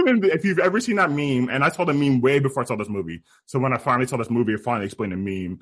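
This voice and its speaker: A man co-hosting a podcast, retelling film scenes in an animated, laughing way. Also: medium pitch, quick pace, few pauses. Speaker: podcast co-host. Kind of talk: casual film review chat.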